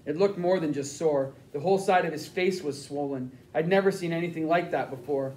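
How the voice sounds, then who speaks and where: Man, audiobook narrator, first-person story, somewhat high voice, echoey room. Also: a little fast, hardly any pauses, a little mellow. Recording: roomy echo.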